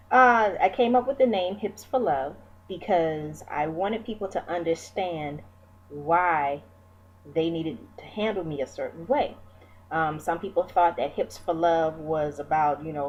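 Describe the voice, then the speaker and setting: A woman's voice: low-pitched, normal speed, breathy edge, lo-fi sound. Candid, encouraging woman in her forties. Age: 40s. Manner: candid, encouraging, lots of fillers. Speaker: vlogger. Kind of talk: reflective personal talk.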